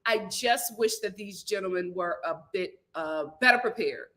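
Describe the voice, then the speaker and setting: A young woman hosting a casual chat, telling stories in an animated, laughing way. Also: mid-range voice, normal speed. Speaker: host.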